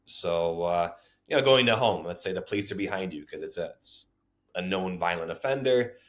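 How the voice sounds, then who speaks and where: Deep-voiced man telling a story. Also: normal speed. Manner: animated, acts out quoted voices. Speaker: former child welfare social worker. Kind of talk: storytelling interview.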